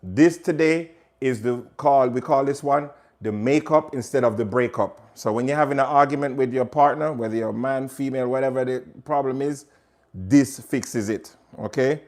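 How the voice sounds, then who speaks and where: A man with a Jamaican accent hosts a relaxed cooking demo from his home kitchen. He chats directly to his viewers as he works, in an easygoing, talkative manner. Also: medium pitch, moderate pace. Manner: chatty, talks straight to viewers. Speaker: cooking show host. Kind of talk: casual cooking demonstration.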